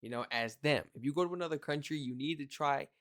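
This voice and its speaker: A young man from the United States hosts a casual reaction video. His fairly high voice stays animated and slangy, with quick exclamations between thoughts.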